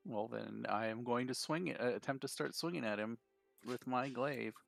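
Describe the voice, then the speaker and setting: A man's voice: medium pitch, moderate pace, gravelly, a bit bright, faint music behind. A man playing in a tabletop game, laid-back and plain-spoken. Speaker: player. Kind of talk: casual tabletop play.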